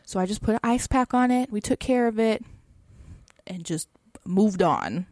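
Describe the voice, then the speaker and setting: A woman co-hosting a podcast, telling a personal story in a casual, chatty way, often saying "like" with soft laughs. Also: mid-range voice, lively intonation, normal speed, no echo, studio quality.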